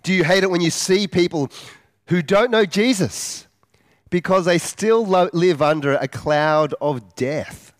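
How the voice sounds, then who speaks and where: A man preaching a sermon in an earnest, measured way, asking his listeners questions and slowing down to stress key words. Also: sits high, no room sound, studio quality. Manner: slows down for emphasis.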